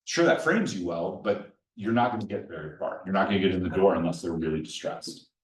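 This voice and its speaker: A man's voice: low-pitched, brisk. A man giving a live presentation at an investor meetup, telling stories and putting questions to the audience. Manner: storytelling, addresses the audience directly with questions. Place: meeting room with a live audience. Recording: echoey room, mic at a distance.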